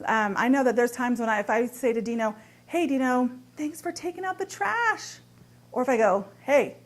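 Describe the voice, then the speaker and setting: A woman with a slightly higher voice talks straight to the viewer about relationships. She sounds upbeat and earnest, like a coach walking through numbered tips one by one. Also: a little mellow. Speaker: relationship advice host. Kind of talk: direct-to-camera advice talk.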